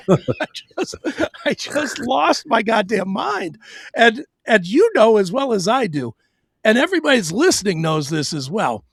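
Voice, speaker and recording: A man's voice: sits high, sing-song, a little slow, husky, no echo, clean studio sound. Profane, stammering storytelling man. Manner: blunt, profane, with stammered restarts. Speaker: show host sharing his story. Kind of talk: candid personal storytelling.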